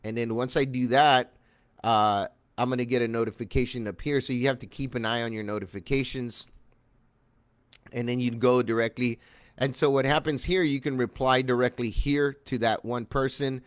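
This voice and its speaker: A man in the middle range of pitch walks through an online marketing tutorial in a loose, chatty way. He fills his talk with "uh" and greets viewers by name as he goes. His voice sounds close and dry, with no room echo. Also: fairly even intonation, normal speed, clear, resonant tone. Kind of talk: casual screen-share tutorial.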